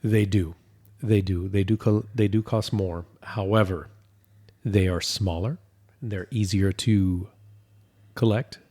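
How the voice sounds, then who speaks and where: A man co-hosting a podcast, chatting casually in a relaxed, joking way that often repeats itself. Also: lowish voice. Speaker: podcast co-host. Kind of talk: casual chat.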